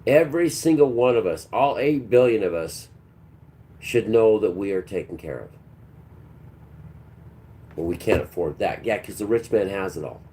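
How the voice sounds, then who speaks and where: A man's voice: on the low side, expressive, normal speed, pauses often, mellow. Ranting man preaching on a livestream. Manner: preachy and combative, talks back to chat. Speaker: livestream host.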